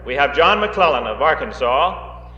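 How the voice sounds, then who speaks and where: Very animated yet unhurried, this man speaks in a fairly high, pushed and bright voice as guest speaker at a political rally. Addressing a large hall live, he is folksy, keen on joking asides and prone to frequent hesitant fillers, all on a roomy, dull 1960s reel recording.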